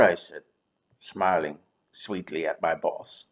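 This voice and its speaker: A man in his seventies telling his own story in a wry, dryly humorous way, with pauses and drawn-out words. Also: low-pitched, huge pitch swings. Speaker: memoir narrator. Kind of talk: reflective first-person storytelling.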